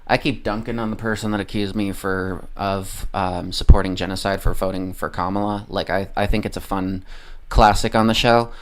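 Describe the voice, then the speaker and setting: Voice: low voice, fairly even intonation, moderate pace. A livestreamer ranting casually about politics, heavily profane and rambling, often losing the train of thought.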